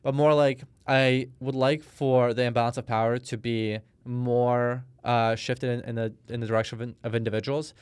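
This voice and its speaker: A man's voice: mid-range voice, level tone, moderate pace, hardly any pauses, a little mellow, clear, resonant tone, no echo. A man in his thirties from Russia, a podcast guest telling a personal story in a casual, hesitant way with frequent fillers and restarts. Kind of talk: conversational interview.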